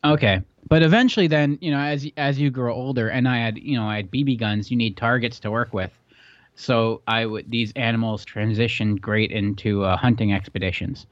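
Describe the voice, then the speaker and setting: A man's voice: medium pitch, steady tone, a little fast, no room sound. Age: adult. Sex: man. Style: casual podcast chat. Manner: rambling, self-deprecating. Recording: dry and a bit dull. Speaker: podcast co-host.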